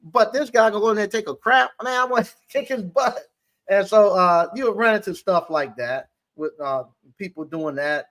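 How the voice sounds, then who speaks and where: Guy rambling thru a work story in an interview, slightly high voice, lots of stops and restarts. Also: fairly bright tone. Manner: rambling, halting, full of restarts. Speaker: appliance repair business owner.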